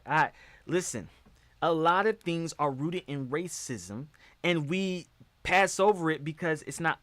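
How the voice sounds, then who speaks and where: Animated man hosting a livestream. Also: fairly high pitch, no echo. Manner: animated and emphatic, many restarts and fillers. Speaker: show host. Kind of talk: casual live-stream commentary.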